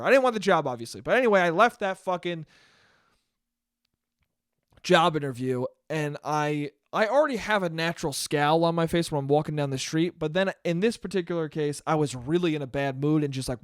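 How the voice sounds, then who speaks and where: Young man, solo podcast host, rambling, profane, self-deprecating, slightly high voice, dry close mic. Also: animated, brisk, no echo.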